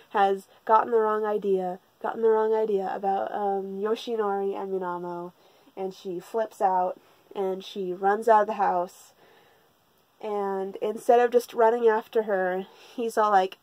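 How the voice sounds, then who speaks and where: A woman's voice: mid-range voice, little pitch movement, unhurried, dark tone, no echo, dull audio. Sarcastic, swearing woman with a dry sound. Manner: sarcastic and profane, rambling with restarts. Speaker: manga reviewer. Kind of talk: casual spoken recap.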